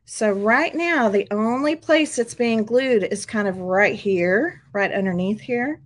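A woman's voice: on the high side, measured pace. A chatty, upbeat middle-aged woman walks viewers through a craft project at her table. She talks casually, keeps checking in with them, and laughs easily between steps. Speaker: craft tutorial host.

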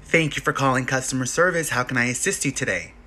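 A man's voice: medium pitch, quick pace, pushed and bright. A man performing comedic call-center skits in a sassy, exaggerated way. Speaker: comedy sketch creator.

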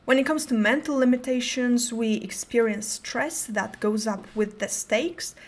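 A young woman with a fairly high voice presents a prepared conference talk. Her delivery is careful and controlled, with an occasional stutter on a sound or word. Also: unhurried. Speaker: conference speaker.

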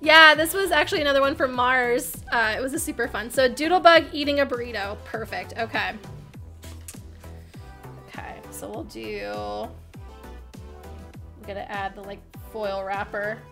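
A woman's voice: a little high, moderate pace, creaky, pauses often, over music. A woman chatting with viewers on a crafting livestream, bubbly and giggly, often laughing as she talks. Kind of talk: casual crafting livestream chat.

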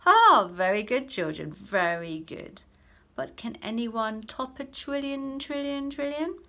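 An old male maths teacher from a storybook, patient and lecturing, his voice lively and rising high on key words, as a woman reading aloud puts him on. He keeps a mild, schoolroom manner with a sing-song lift. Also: slow, exaggerated voice. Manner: patient, lecturing, turns sharp when irritated.

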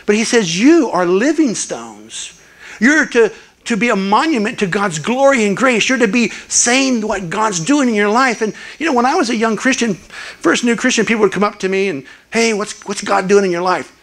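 A man's voice: high voice, brisk. An older man giving a sermon as a guest preacher, telling stories earnestly and acting out the people he quotes. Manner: earnest storytelling, quotes people in lively voices. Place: church.

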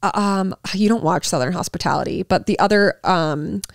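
A young woman co-hosting a podcast, telling a story in casual chat with lots of filler words and animated retelling. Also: lowish voice, moderate pace, vocal fry, a little hiss or hum. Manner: chatty, animated storytelling with many "like" fillers and laughs. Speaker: podcast co-host.

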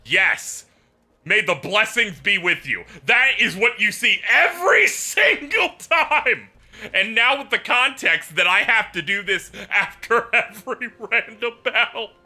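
A man livestreams casual gameplay chat about a game, turning it into an animated story with swearing and laughter. His voice is extremely high-pitched and slow.

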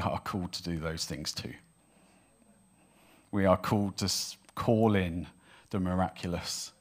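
A man preaching a sermon in church, telling a Bible story in an animated way and acting out the voices of the people in it. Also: low-pitched. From Wales. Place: church hall with congregation.

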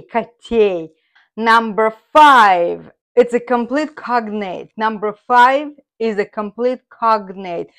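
Slow-spoken woman teaching Russian words. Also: a little high. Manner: slow, careful explanations. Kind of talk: explaining words.

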